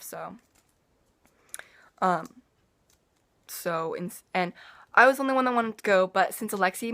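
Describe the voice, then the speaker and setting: A teenage girl vlogs casually to her camera, her voice on the low side yet a bit bright. She wanders through her story with sighs, restarts and small asides, sounding easygoing and everyday.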